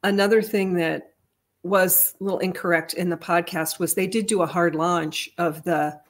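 A woman's voice: fairly low pitch, fairly even intonation, moderate pace. A woman telling a personal family story in a casual monologue, earnest and rambling, with frequent restarts and her voice lifting at emotional points. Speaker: vlogger retelling a family story.

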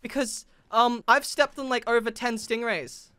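A young Australian man chatting playfully while playing a game, excitable and teasing. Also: very high-pitched, normal speed, clear, resonant tone, no echo. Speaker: streamer. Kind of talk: casual gaming chat.

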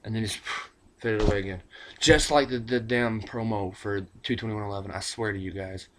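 Casual male vlogger, lowish voice, excitable rambling rant, built-in laptop mic at home. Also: fairly quick, background noise. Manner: excitable, rambling, stumbles over words. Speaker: wrestling vlogger. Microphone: built-in laptop webcam mic.

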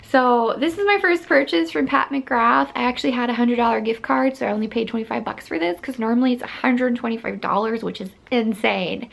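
A woman's voice: on the high side, a little fast, gravelly. A woman in her thirties chatting casually to camera in her bedroom as a vlogger, filling her talk with fillers and small laughs. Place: bedroom at home.

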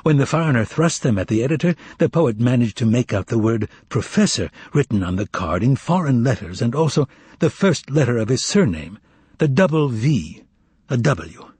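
A man reading a novel aloud in a lively, expressive way, with a husky voice. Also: mid-range voice, moderate pace, dry recording. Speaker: audiobook reader. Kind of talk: audiobook narration.

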